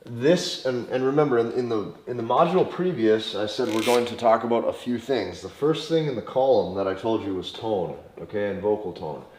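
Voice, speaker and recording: A dating coach with a North Dakota accent teaches emphatically to camera, repeating key phrases and checking in with "okay?". His mid-range, darkish voice moves a little fast with hardly any pauses. The room is echoey, and there's slight hiss or hum.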